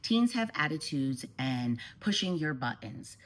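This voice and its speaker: A woman parent coach giving calm, steady advice straight to the camera. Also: low-pitched, unhurried, poor audio.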